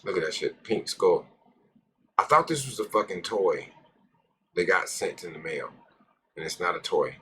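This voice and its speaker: A man's voice: low voice, expressive, moderate pace, pauses often, pushed and bright. A man hosting a casual live stream, rambling, joking with his viewers and cursing freely. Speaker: cannabis live-stream host.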